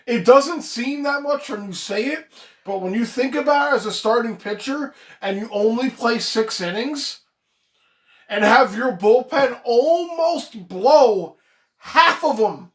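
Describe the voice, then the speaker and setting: A man's voice: very high voice, lively intonation, a little slow. A man ranting on a live stream as a fan reacting to a game, swearing freely, getting fired up and reading viewer chat aloud. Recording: echoey room.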